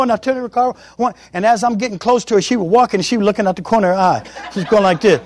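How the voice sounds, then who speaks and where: A man's voice: high voice, animated, fast talker, no room sound. A male preacher giving a testimony sermon, telling stories with emphasis. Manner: emphatic storytelling.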